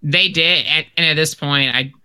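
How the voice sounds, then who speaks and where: A man in casual chat with friends, opinionated and animated, often repeating words as he starts a sentence. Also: a little high, normal speed, clear, resonant tone.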